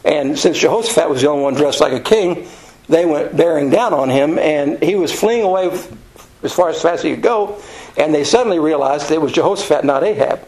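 A man with a fairly high voice leads a casual Bible study. He tells the story in a rambling, folksy way, full of ums and restarts. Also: fairly quick, darkish tone, rough recording. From United States. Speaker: Bible teacher.

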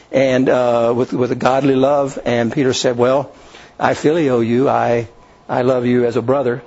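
A man's voice: medium pitch, a little mellow, breathy edge. A man preaching an informal sermon, retelling scripture in his own words with restarts and asides. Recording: dull lo-fi recording.

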